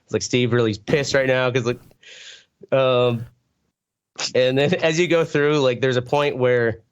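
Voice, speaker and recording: A man's voice: mid-range voice, fairly even intonation, a little slow, clear, resonant tone, lo-fi sound. A man co-hosting a podcast in casual chat, rambling and swearing as he tells family stories and acts out voices. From rural Wisconsin farm upbringing. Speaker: podcast co-host.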